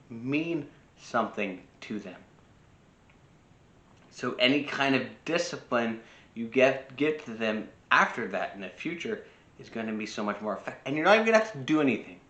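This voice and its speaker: A man's voice: mid-range voice, expressive, normal speed, bright, forceful tone, roomy sound. A man giving casual spoken advice on parenting, talking freely with restarts and acting out short quoted lines. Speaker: personal growth speaker.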